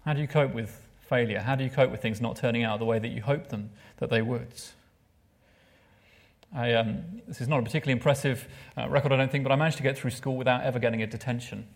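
A man preaching a sermon, expressive and asking his listeners questions, sometimes dropping to a hushed voice. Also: medium pitch, fast talker, vocal fry. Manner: expressive, drops to a hushed voice for emphasis; asks the listeners rhetorical questions.

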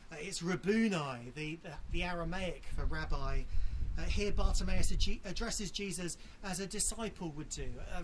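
A preacher giving an earnest sermon, appealing directly to listeners and slowing down to repeat key phrases for emphasis. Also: mid-range voice, a bit bright, a little hiss or hum.

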